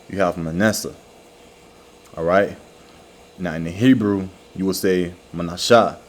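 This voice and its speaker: A man giving an informal religious lesson, slowly repeating words and checking in with "all right" and "okay" after each point. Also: sits low. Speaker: religious teacher.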